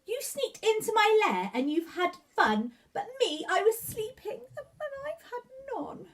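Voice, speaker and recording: A sulky storybook bear whines high and tearful about missing the fun, as a woman reading aloud puts him on. The voice jumps up well above its usual register and swoops with lively ups and downs. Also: a little slow, exaggerated voice. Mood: whining. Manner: whiny, tearful complaining. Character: big sulky male bear woken from sleep.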